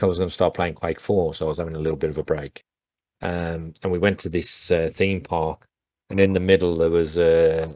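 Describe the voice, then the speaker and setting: Deep-voiced man telling a rambling story. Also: dry recording, clean studio sound. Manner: rambling, many restarts and fillers. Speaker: interview guest, former pro gamer. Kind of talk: casual storytelling on a call.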